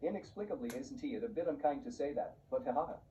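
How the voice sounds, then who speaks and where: A man reading the lines of a timid father-in-law who gloats in secret, in a flat, even voice. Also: medium pitch, quick pace, lightly acted. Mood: sly. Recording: muffled, distant, faint hiss.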